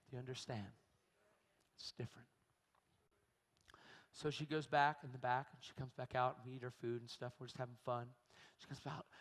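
A man preaching a sermon, telling a story with animated energy and acting out the people in it. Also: mid-range voice. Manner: animated storytelling, acts out voices, shrieks in quotes. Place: large church hall. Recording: long hall reverb.

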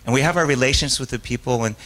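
Speaking very fast with a sharp tone and medium pitch, a stage hypnotist gives a live author talk and responds to audience questions. He is a rambling storyteller who keeps interrupting and restarting himself, laughs frequently, and voices the characters in his tales. The recording is rough.

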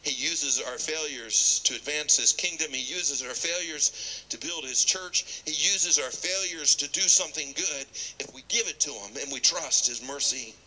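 A man preaching a sermon, animated, acting out scripture dialogue and dropping to a whisper at times. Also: fairly high pitch, normal speed, rough recording.

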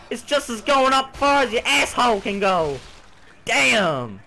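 A man's voice: very high voice, unhurried, creaky, a little hiss or hum. A man giving loose let's play commentary over a horror game, swearing, yelping at scares and humming along while he plays. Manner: excitable, swearing, yelps and shouts at scares; sings and hums to himself while playing. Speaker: gaming video creator.

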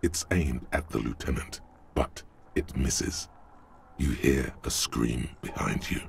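A gravelly grim game narrator. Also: male voice, a little hiss or hum, full character voice. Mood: ominous. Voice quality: deep and gravelly. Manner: slow, ominous and vivid. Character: grim omniscient male narrator of a detective game. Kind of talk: dramatic scripted narration.

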